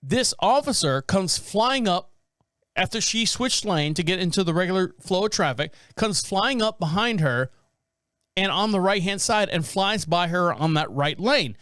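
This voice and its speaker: High-voiced chatty male podcast host. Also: dry recording, clean studio sound. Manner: rambling, animated, acts out quotes. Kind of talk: casual commentary on viral videos.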